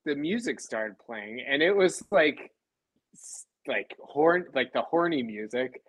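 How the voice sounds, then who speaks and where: A man co-hosting a laid-back podcast, often pausing mid-thought to find the right word. His pitch is ordinary. The recording is dry and close. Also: animated, fairly bright tone, slightly rough, no echo, poor audio. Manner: halting, searching for words. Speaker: podcast co-host. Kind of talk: casual chat.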